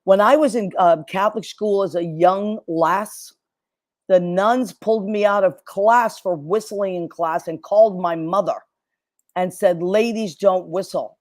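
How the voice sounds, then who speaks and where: A woman's voice: mid-range voice, a little slow, darkish tone, no echo, studio quality. A woman hosting a talk show, chatting in an effusive, rambling way. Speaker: show host. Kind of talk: casual chat.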